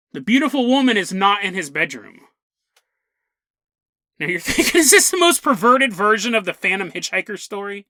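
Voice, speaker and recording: A young man spins a rambling comic tale for his podcast, his bright voice swinging high and low as he jumps into funny voices for the people in the story. The sound is dry and close, with no room around it. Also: dry recording. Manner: rambling, jokey, acts out quotes in funny voices. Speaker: podcast host. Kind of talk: comedic storytelling.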